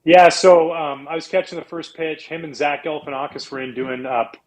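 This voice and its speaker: Animated storytelling man from Canada. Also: brisk, crowd noise, low-quality recording. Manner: animated storyteller, acts out quotes in a high voice. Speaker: guest, former pitcher. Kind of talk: casual storytelling interview.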